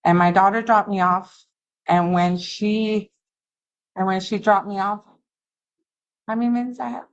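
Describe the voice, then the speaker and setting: A middle-aged woman giving an earnest, halting personal recovery testimony at a meeting. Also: medium pitch, steady tone, smooth, dull audio. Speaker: alumni speaker at a recovery meeting. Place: meeting room.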